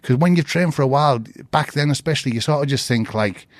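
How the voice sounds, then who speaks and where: A man, a podcast guest and martial arts instructor, telling stories in an animated, casual way and laughing often. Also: mid-range voice, fast talker, no room sound, clean studio sound. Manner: animated, laughs often, quotes people in changed voices. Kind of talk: casual storytelling.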